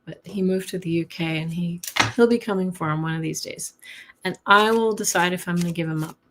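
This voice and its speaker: A woman's voice: on the low side, a little fast, background noise. A woman reads weekly tarot on a live stream from her home. Her talk is chatty and friendly, broken up by frequent laughs. She turns to greet viewers by name as the reading goes along. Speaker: tarot reader. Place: home with a cat nearby.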